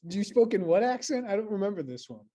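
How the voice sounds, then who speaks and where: A man's voice: high voice, sing-song, quick pace, dark tone. A man hosting a podcast, talking conversationally and reading out listener questions. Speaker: podcast host. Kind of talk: casual podcast interview.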